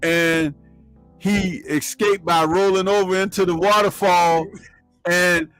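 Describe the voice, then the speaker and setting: Male co-host, high voice, slow delivery, animated scene retellings, light music bed. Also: smooth, no room sound. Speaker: podcast co-host. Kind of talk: casual film chat.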